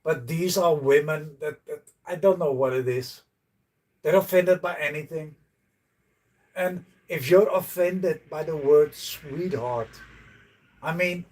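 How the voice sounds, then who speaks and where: A man's voice: fairly high pitch, a little mellow, distant mic. A man chatting to viewers on a casual livestream, blunt and joking, swearing freely. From Netherlands. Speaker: livestreaming host. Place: outdoors by a canal.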